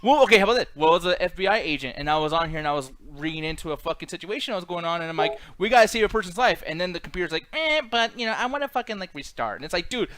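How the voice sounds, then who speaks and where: A male podcast host in casual chat, ranting and rambling with constant swearing. His voice sits a bit high, and he talks very fast. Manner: rambling, swears a lot, animated rants.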